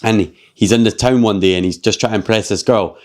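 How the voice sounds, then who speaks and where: A man with a Scottish accent hosting a podcast, retelling a film in an animated, rambling way with lots of swearing and fillers. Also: lowish voice, fairly quick. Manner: animated storyteller, swears freely, heavy use of "like". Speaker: podcast host. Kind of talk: casual chat.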